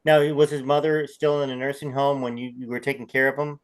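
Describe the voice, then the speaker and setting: A man's voice: mid-range voice, flat delivery, fairly quick, clean tone, low-quality recording. A man hosting an interview over a video call, giving short, encouraging responses. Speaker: interviewer, channel host.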